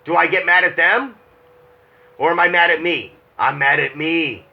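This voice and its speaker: A husky man talks through a muffled, lo-fi phone call in a loose, rambling way. He swears often and circles back on his own thoughts. His voice sits a little high for a man. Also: moderate pace. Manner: rambling, swearing, self-reflective. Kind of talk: casual phone chat.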